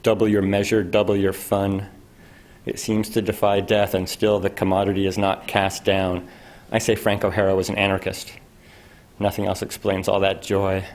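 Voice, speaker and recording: A man's voice: low-pitched, monotone, normal speed, a little mellow. A man, a poet, reading his own poems at a university event with a dry, wry delivery. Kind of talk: poetry reading.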